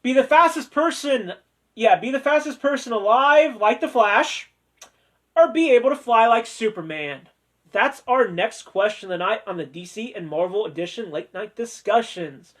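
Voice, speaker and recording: A man with a high-pitched voice hosts a laid-back discussion. He talks in a chatty, joking way, with playful sarcasm. He turns sincere and sentimental when speaking of family. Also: expressive, moderate pace, a bit bright. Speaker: host of a discussion video. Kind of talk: casual chat.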